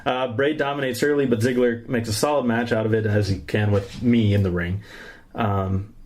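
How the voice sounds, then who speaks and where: A man's voice: mid-range voice, steady tone, normal speed, a little mellow. Young man, podcast co-host, rambling recap, easygoing chat. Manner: rambling recap with fillers and laughs. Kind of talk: casual chat recapping wrestling.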